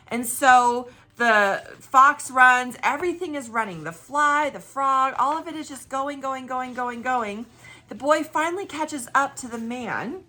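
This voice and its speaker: A woman pastor with a bright, clear tone speaks in a warm conversational sermon style. She asks her listeners direct questions and retells a story with lively energy. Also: a little high, unhurried.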